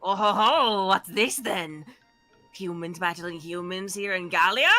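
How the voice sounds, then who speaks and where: A woman voicing a brash pirate brigand, reading game dialogue aloud in a gruff, shouty sea-dog manner. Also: lowish voice, measured pace, soft background music. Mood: blustering.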